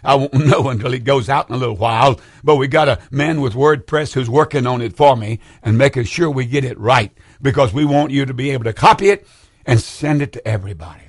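Gravelly older man preaching on air. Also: mid-range voice, brisk, no echo, studio quality. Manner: fervent, rambling, urges listeners to call. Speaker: radio preacher hosting call-in show. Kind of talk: preaching call-in broadcast.

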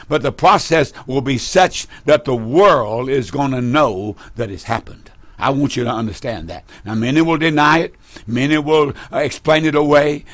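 A man's voice: medium pitch, no room sound. Fervent preacher man. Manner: fervent, emphatic, repeats phrases. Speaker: preacher and broadcast host. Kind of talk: preaching on broadcast.

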